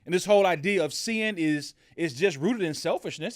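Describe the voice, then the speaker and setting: A middle-aged man talks through a story on his podcast in a loose, chatty way, stopping and starting often. His voice sits a little high for a man. The sound is close and dry, with no room around it. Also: normal speed, no echo. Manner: conversational, storytelling, many fillers and restarts. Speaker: podcast host. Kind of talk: casual motivational podcast talk.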